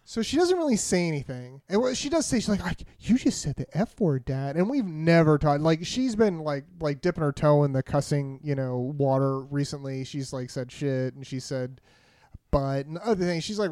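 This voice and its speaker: A man in his thirties casually telling animated stories among friends, swearing freely. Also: on the high side, dry recording, clean studio sound. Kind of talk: casual profane banter.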